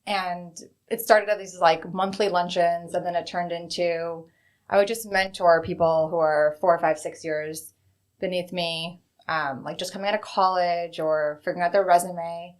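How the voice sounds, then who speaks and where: A woman's voice: on the low side, fairly even intonation, normal speed. A woman in her thirties, a bank executive, frankly telling stories from her career as an interview guest. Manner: frank, conversational storytelling. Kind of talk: candid interview answers.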